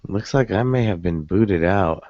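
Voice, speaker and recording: Deep-voiced tired man hosting late. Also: unhurried, a little mellow, no echo, highs cut off. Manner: rambling, joking, swears casually. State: tired, yawning. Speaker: podcast co-host. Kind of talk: casual late-night podcast chat. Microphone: webcam setup.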